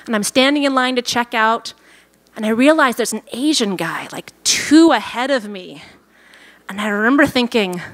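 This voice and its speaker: A woman telling a personal story live on stage at a venue event, lively and self-amused, acting out her own thoughts. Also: on the high side, normal speed.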